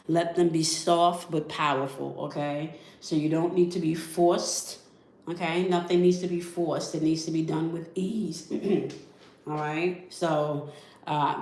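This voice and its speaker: A woman leading a guided spiritual energy check-in, calm and coaxing, who often ends her phrases with "okay?". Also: low voice. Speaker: spiritual reader. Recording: echoey room.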